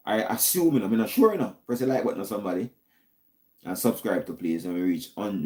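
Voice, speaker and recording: A man's voice: sits low, warm tone. A man hosting a call-in stream, musing aloud in a casual, hedging, teasing monologue.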